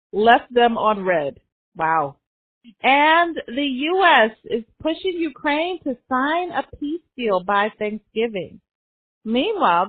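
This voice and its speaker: A woman's voice: high-pitched, no room sound. A woman podcast host giving a comedic news roundup, sarcastic and laughing between jokes. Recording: tinny phone-like sound.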